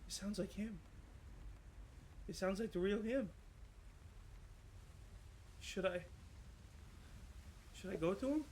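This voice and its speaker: A man's voice: high-pitched, a little mellow, slight background noise, voice pushed up. A man voicing a frightened young boy ghost who stammers through tears. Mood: tearful. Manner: halting, tearful.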